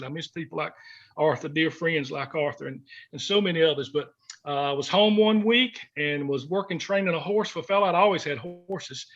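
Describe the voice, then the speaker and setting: In a dull lo-fi recording, a middle-aged man who used to sing gospel tells a heartfelt story as an interview guest. His voice is a little high and fairly bright, his manner folksy, and at times he gets choked up.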